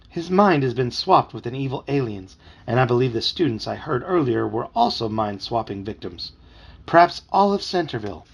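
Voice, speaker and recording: A man's voice: mid-range voice, gravelly, breathy edge, dull audio, exaggerated voice. A man voicing a clever young dachshund puppy who explains things solemnly.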